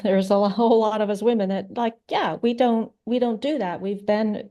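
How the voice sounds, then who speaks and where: A woman's voice: medium pitch, fairly quick, dark tone, highs cut off. Earnest woman, forensic artist guest. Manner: earnest and indignant, restarts often. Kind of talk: casual interview.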